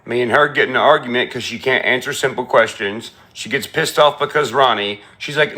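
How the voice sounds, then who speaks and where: Man, bright tone, sarcastic, profane, storytelling rant, mimics others. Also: mid-range voice, fairly quick, hardly any pauses. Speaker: content creator in a clip being reacted to.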